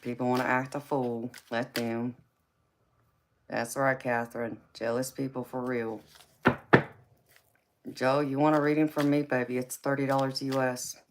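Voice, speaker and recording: A woman hosting a tarot live stream with a raspy voice. She answers viewers in a casual, forthright way and calls them baby and honey. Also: very deep voice, little pitch movement, unhurried, long pauses. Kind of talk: casual live-stream chat reading comments. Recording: clear background noise.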